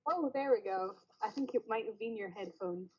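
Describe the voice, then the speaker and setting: A woman's voice: medium pitch, moderate pace, lo-fi sound, slight background noise. A Scottish woman chatting casually as a livestream guest, laughing easily. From Scotland. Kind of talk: casual chat.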